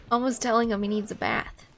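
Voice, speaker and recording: A woman's voice: a little high, noisy background. A woman streaming a game live, chatting casually, gushing and giggling over cute things and thanking viewers by name. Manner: gushing, giggly, easily delighted. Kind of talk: casual live-stream chat while playing.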